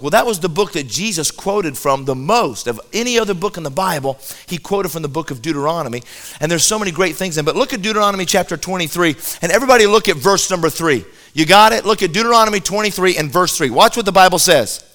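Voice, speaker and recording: A man's voice: high-pitched, fast talker. A man preaching a sermon, telling a Bible story with jokes and acting out the characters' lines. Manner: lively, joking storyteller who acts out quoted characters.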